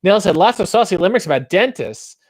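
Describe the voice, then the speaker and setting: A man with a fairly high, very lively voice swings between hammy mock-theatrical verse readings and flat, wry comments to his chat. It sounds like a casual livestream host talking into a desk mic. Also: quick pace, slightly rough, no room sound.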